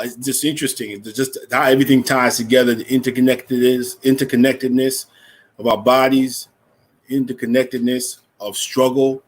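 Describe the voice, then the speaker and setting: A man's voice: mid-range voice, a bit bright. A man with a New York accent hosting a live event, playful and riffing on repeated words before introducing the next artist. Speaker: event host.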